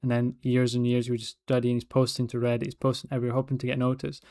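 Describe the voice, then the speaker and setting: A man's voice: mid-range voice, monotone, rapid-fire, mellow, no echo, clean studio sound. A young man with a light Scottish accent, chatting casually on a livestream, rambling and restarting his sentences as he talks. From Scotland. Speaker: artist livestreaming.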